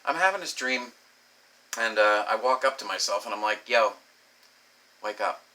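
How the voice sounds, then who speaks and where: A young man telling a crude comic story, profane and animated, acting out the voices in his quotes. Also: on the low side, normal speed. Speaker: comedic storyteller. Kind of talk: crude comedic monologue.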